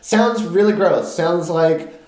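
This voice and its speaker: A man's voice: high-pitched, takes it slowly, darkish tone, a little hiss or hum. Laid-back young man in an echoey room. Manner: laid-back, lots of fillers, acts out customers. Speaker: podcast host. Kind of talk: casual chat.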